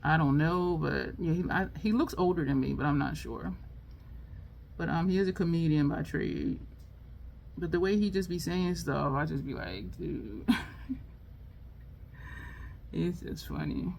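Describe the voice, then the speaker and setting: A woman's voice: measured pace, vocal fry, pauses often. A woman chatting casually while doing her makeup, telling a funny story with lots of laughter. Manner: chatty, laughing storyteller, lively swings in pitch. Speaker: beauty vlogger. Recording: faint background noise.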